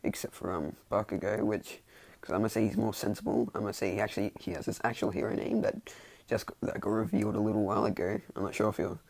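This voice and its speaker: A man's voice: on the low side, fairly even intonation, quick pace, vocal fry, a little mellow, no room sound. A man casually telling a fan-made story in a rambling, hesitant way, restarting often and chuckling along.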